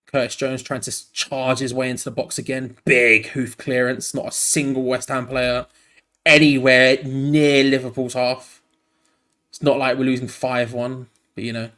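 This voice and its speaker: A man's voice: mid-range voice, little pitch movement, normal speed, a bit bright. A tired man hosting a live fan watch-along, switching between match commentary and rambling, frank asides.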